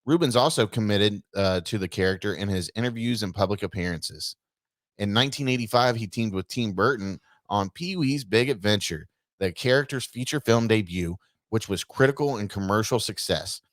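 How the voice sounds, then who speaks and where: A man's voice: on the low side, normal speed, a bit bright, dry recording, studio quality. A man co-hosting a casual podcast, reading a news article aloud and stumbling over words with offhand asides. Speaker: podcast co-host.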